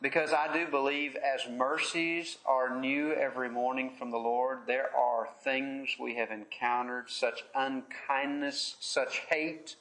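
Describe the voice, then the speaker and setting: A man preaching a sermon in an earnest, measured way, pausing often as he leads a Bible study. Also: medium pitch, flat delivery, a bit bright, echoey room.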